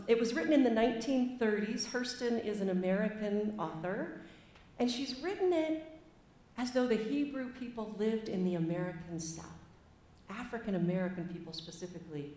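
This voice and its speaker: A woman's voice: mid-range voice, normal speed, a little mellow. A woman preacher giving a sermon in an earnest, conversational, slightly self-deprecating way. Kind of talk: sermon with a reading. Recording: echoey room.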